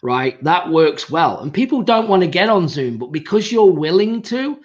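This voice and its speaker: A man's voice: fairly high pitch, big pitch swings, moderate pace, highs cut off. A man with an English accent hosting a casual interview, rambling with lots of fillers and laughing easily. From England. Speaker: podcast host.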